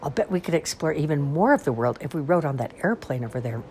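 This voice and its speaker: A woman's voice: sits low, fast talker, a little hiss or hum. A woman doing a bold, eager girl mouse. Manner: eager, coaxing, excitable.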